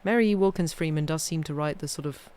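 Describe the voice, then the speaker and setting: A woman reads classic ghost stories aloud and chats between them in a wry, easygoing way. Her sentences often fade to a quiet murmur at the end. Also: low-pitched, fast talker, clear, resonant tone. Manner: chatty, wry, trailing off quietly. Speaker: storyteller streaming live readings.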